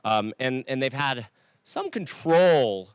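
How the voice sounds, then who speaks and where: A man introducing the next wedding speaker, joking in an unhurried way. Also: medium pitch, expressive, clear, resonant tone, dry recording, studio quality. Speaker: wedding emcee.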